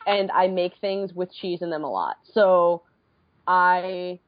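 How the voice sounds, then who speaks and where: A woman in her twenties from the Midwest, co-hosting a podcast and telling a story in a casual, animated way with frequent swearing. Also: lowish voice, slow, dull audio, a little hiss or hum. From American Midwest. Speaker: podcast co-host.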